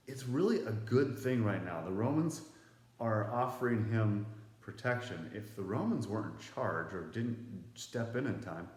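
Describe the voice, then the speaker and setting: A man with a mid-range voice teaches students a Bible lesson in a casual, conversational style, explaining the passage, reading verses aloud, and putting questions to the class. The recording has a roomy echo.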